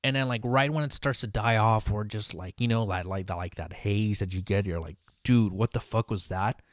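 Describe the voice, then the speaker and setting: A man's voice: lowish voice, a little fast, dry recording, clean studio sound. Profane venting line cook man. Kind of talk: casual storytelling vlog.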